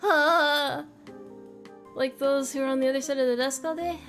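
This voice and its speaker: Young woman, high voice, giggly casual streamer chat, faint music under it. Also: steady tone, fast talker, a little mellow. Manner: giggly, self-deprecating, trails off and restarts. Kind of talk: casual chat reading viewer messages.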